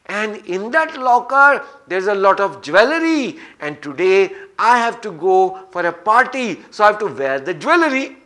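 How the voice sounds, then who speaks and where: A man's voice: high-pitched, big pitch swings, normal speed, few pauses, sharp tone. A man giving a scripture lecture, telling stories and repeating phrases for emphasis. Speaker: spiritual teacher.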